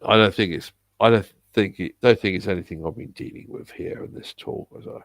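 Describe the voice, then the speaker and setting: An Englishman with a Bristol accent hosts a live stream, reading viewer comments in a hesitant, halting manner and often starting over. His voice is lowish, and there's no room sound.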